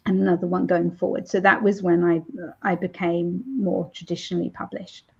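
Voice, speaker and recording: A woman author chatting in an interview, laughing often and filling pauses with ums. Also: fairly low pitch, little pitch movement, gravelly, husky. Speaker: romance author, interview guest. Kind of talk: casual interview chat. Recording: dull lo-fi sound.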